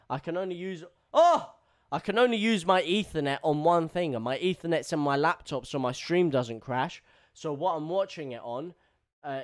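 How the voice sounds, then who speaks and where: A man streaming live, giving excitable running commentary on a football match and repeating himself. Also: high voice.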